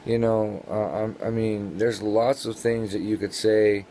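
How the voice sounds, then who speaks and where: Low, halting man apologizing. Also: steady tone, warm tone, slight background noise. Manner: rambling, halting, with many restarts. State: sleepy. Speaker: vlogger. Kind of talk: personal apology video. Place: his bedroom.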